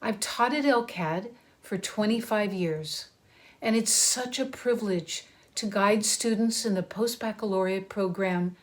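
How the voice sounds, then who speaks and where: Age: middle-aged. Sex: woman. Role: program chair speaking to graduates. Pace: very slow. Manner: earnest, deliberate, ceremonial. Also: mid-range voice, a little mellow. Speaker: art school program chair. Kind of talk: recorded commencement address.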